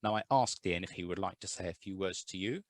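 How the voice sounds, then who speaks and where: Deep-voiced man chairing a meeting. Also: fast talker, no room sound. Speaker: chair of a charity AGM. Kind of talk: reading a prepared meeting report. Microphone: video call.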